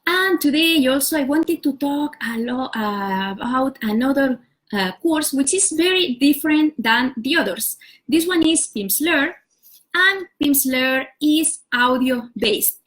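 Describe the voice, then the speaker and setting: Higher-voiced woman teacher explaining patiently. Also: expressive, a little slow, a bit bright. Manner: patient, step-by-step explaining with frequent "uh" and "so". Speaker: language teacher. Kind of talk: casual livestream explainer. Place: home setup for a live stream.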